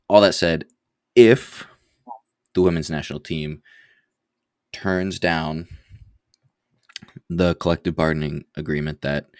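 A man with a very deep, low voice co-hosting a podcast, teasing his partner and pushing his points with bursts of energy. The sound is dry and close, with no room echo. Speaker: podcast co-host. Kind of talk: casual chat.

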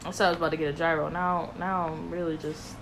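A young adult woman co-hosting a casual chat, excitable with loud bursts and quick laughs. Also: low-pitched, creaky, background noise. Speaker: podcast co-host.

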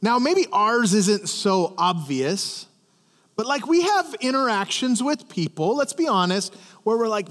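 Guy preaching a chatty sermon, high voice, long echo like a big church hall. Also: very animated, measured pace, fairly bright tone. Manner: conversational, stammering restarts, questions to the congregation. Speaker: pastor. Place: church service.

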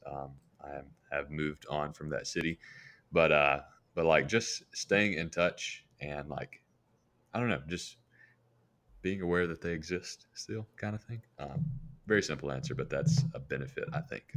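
A man co-hosting a podcast who gives simple, halting answers in casual chat. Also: rumbling low, a bit bright. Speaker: podcast co-host.

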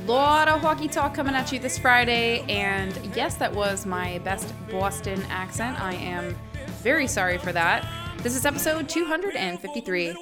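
A woman's voice: on the high side, normal speed. A woman reading a scripted, upbeat podcast introduction. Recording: music behind the voice.

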